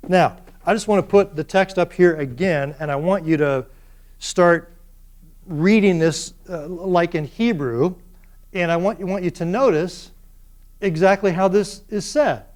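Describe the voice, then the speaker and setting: Lecturing a university class a little slowly, this high-voiced man stays animated and repeatedly pulls his students in with questions.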